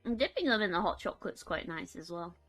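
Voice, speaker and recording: A woman's voice: lowish voice, animated, quick pace, a bit bright, faint music behind. A young woman chatting casually on a live stream, giggling often and reading out chat. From United Kingdom.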